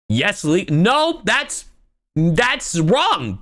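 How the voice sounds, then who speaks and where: Young woman streamer, wildly swinging pitch. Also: sing-song, fairly bright tone. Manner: exasperated, swearing, rapid-fire ranting; reads viewer chat and thanks subscribers. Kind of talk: ranting live-stream reaction.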